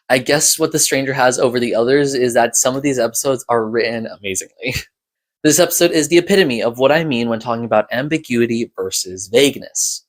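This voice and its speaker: A man giving scripted analytical commentary as a reviewer of an audio drama, in a measured, explanatory way. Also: medium pitch. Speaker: podcast episode reviewer.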